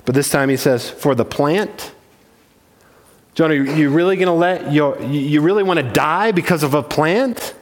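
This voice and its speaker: A man's voice: fairly high pitch, fairly quick, hardly any pauses, big-room sound. A man preaching a sermon as pastor, earnest and emphatic, often restarting his phrases.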